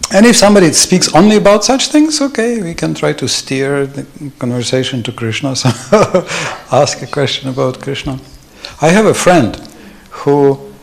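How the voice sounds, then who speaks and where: A man's voice: a little high, vocal fry. A man giving an informal, anecdotal devotional talk at a temple, chuckling often as he speaks. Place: temple hall.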